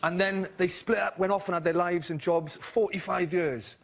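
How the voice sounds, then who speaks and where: A man, a comedian guest on a talk show, telling a story excitedly, with restarts and repetition. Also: high-pitched, vocal fry. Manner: excitable, fast, repeats himself. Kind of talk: chat show anecdote.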